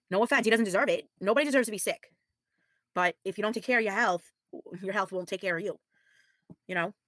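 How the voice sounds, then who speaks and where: A woman's voice: medium pitch, a bit bright, no room sound, studio quality. A woman in her thirties streaming live, sounding tired and weary, talking frankly with sighs while reading out viewer comments in casual chat. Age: 30s. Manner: frank, blunt, sighing, with mild swearing. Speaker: livestreamer.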